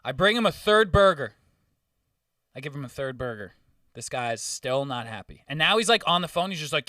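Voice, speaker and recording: A young man on a podcast, telling stories in a casual, animated way, swearing and acting out customers in raised voices. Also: a little high, quick pace, dry recording, clean studio sound, recorded from a distance. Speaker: podcast co-host. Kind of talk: casual storytelling chat.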